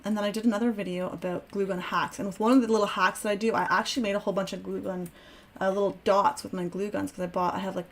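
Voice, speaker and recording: A woman's voice: mid-range voice, a little hiss or hum. A woman hosting a live crafting stream, chatting casually and self-deprecatingly as she works aloud. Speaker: crafting host.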